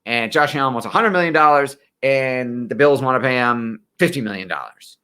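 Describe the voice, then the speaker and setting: A man's voice: mid-range voice, normal speed, sharp tone, clear, resonant tone. A middle-aged man from western New York, a college financial aid planner, telling his personal story in a direct, conversational way. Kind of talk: personal origin-story talk.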